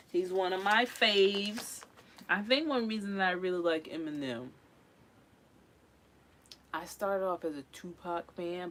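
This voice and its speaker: A woman's voice: lowish voice, slight background noise. A woman, chatting casually and animatedly as she goes through old things in her tiny home on wheels. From Philadelphia. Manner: chatty, animated, breaks into singing snippets. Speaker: vlogger. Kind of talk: casual chat.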